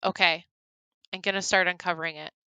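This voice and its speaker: A woman reading the lines of a desperate young man who speaks urgently, shouting and then soothing. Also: on the low side, steady tone, brisk, smooth, dry recording, lo-fi sound. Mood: tense.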